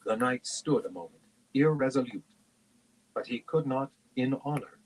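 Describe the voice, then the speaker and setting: Husky man reading a novel aloud. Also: medium pitch, lively intonation, moderate pace, rough recording. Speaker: reader on a book stream.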